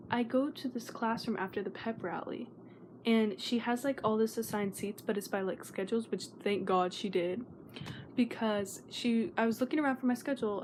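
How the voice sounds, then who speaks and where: A teenage girl talks straight to her camera in a slightly high voice, rambling nervously and often sinking into a whisper. The recording carries a steady, clearly audible background noise. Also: low-quality recording. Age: teens. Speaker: vlogger. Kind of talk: casual vlog chat.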